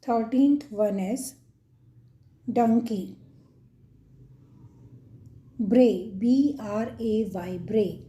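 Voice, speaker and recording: Indian English woman, kids' teacher, very slow and deliberate, spells words aloud, soft warm tone, slightly high. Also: highs cut off. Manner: spells each word letter by letter, slow and deliberate. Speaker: kids' channel host. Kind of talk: slow spelling lesson for children.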